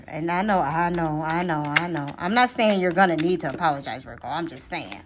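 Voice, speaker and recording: Chatty, animated woman giving a tarot reading. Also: a little fast, few pauses, a little hiss or hum. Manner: chatty, animated, addresses viewers directly with frequent "okay?"; lively swings in pitch and loudness. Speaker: tarot reader. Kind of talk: casual tarot reading to camera.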